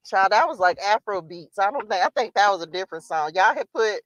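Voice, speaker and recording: Animated, laughing woman tarot streamer. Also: mid-range voice, moderate pace, dry recording. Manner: animated, laughing, chatty, addresses viewers as y'all. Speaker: tarot reader and livestream host. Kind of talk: casual livestream chat.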